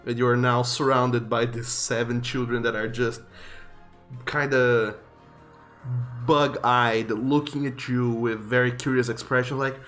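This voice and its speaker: A man's voice: mid-range voice, little pitch movement, unhurried, fairly bright tone, soft background music. A man narrating as game master in a tabletop game, casual and loose, with plenty of fillers.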